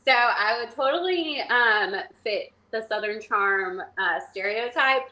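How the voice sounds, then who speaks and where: A young woman from North Carolina talks as a guest in a casual interview, her voice bright and a little high. She rambles happily with plenty of "like" and slips into quick impressions of the people in her stories. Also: poor audio. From Charlotte, North Carolina. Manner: chatty, lots of "like", acts out quotes.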